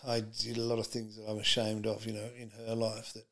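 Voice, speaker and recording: A man's voice: lowish voice, completely flat delivery, a little fast, fairly bright tone. A middle-aged man, a comedian telling stories as a podcast guest in a rambling way, full of fillers and restarts. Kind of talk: casual interview chat.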